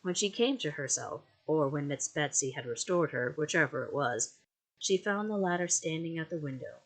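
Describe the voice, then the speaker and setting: Measured amateur audiobook narrator. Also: medium pitch, poor audio. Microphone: home recording mic.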